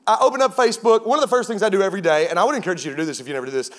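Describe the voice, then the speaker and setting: Man in his thirties, guest pastor, high voice, energetic storytelling sermon. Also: very fast.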